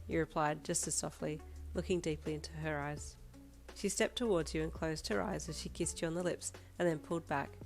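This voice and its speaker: Woman, low voice, steady audiobook narration, faint music underneath. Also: a little fast, gravelly. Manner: steady second-person storytelling. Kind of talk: fan fiction audiobook reading.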